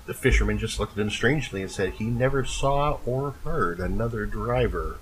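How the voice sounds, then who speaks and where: A man's voice: fairly low pitch, normal speed, a little hiss or hum, poor audio. A man co-hosting a casual podcast, telling folklore stories between laughing, tipsy banter at home. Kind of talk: casual storytelling chat.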